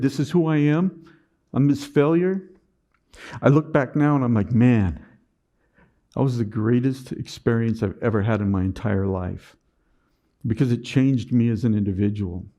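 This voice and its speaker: A man with a mellow, medium-pitched voice gives a motivational talk on a conference stage. His humor is dry and sarcastic, and he often repeats words as he begins a sentence.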